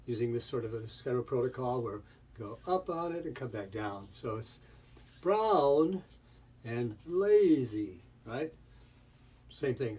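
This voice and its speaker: A man's voice: medium pitch, slightly rough, recorded from a distance. A man giving a webinar demonstration of pronunciation teaching, breaking up his talk with rhythmic chanted example sentences.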